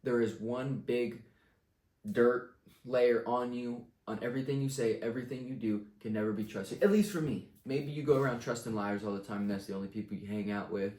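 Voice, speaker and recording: A young man rants about life with blunt confidence, swearing freely as he makes his points. His voice sits at an ordinary pitch and bounces around an echoey room. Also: brisk, darkish tone. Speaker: vlogger giving life advice. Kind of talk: casual rant to camera.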